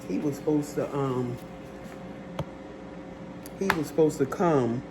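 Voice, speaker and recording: A man's voice: medium pitch, slow, roomy sound. Chatty man in a noisy home kitchen. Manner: chatty, talks straight to viewers, animated when ranting. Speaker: cooking vlogger. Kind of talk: casual cooking vlog chat.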